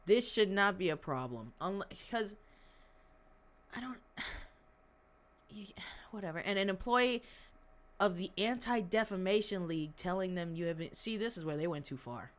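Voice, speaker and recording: Unhurried and mid-pitched, with long pauses, this podcast host reads passages from news stories and interrupts them with profane, mocking remarks. The commentary is casual and heavily sarcastic.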